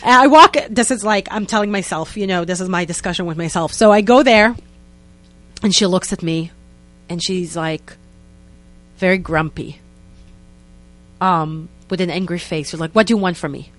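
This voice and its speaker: A young woman, a guest telling a story in a lively, casual way and acting out what people said. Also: on the low side, moderate pace, pauses often. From Israel. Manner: animated, acts out quotes in other voices, many "like" fillers.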